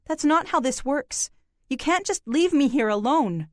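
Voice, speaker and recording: A woman reading an audiobook voices a tough young woman, a former high schooler, who presses with pointed questions. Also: animated, a little slow, darkish tone, no echo, studio quality. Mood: insistent. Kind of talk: audiobook character voice.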